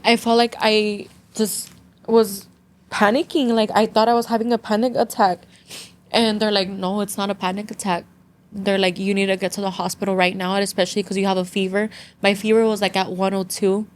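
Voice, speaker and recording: A woman's voice: medium pitch, little pitch movement, a little fast. A young adult woman guest, telling a story in casual chat, mixing English and Spanish, with many "like" fillers and an earnest, emotional tone. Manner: earnest emotional retelling, near tears. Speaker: podcast guest.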